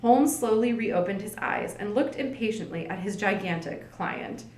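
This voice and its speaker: A woman reads an old detective story aloud at an easy, unhurried pace, giving the characters light voices of their own. Her voice sits in the middle of the range, neither high nor low. The recording carries a noticeable room echo. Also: lively intonation, darkish tone, a little hiss or hum. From United States. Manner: plain narration with light character voicing, chatty asides. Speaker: library staff reader. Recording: roomy echo.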